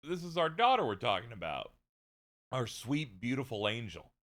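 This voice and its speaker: A man voicing a gentle, devoted male professor who dotes on his wife and baby daughter. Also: mid-range voice, big pitch swings, normal speed. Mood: doting. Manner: doting, tender.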